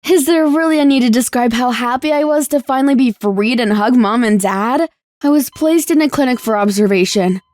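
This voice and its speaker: A young woman narrating a first-person animated story in a scripted, emotive storytelling delivery. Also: a little high, no room sound.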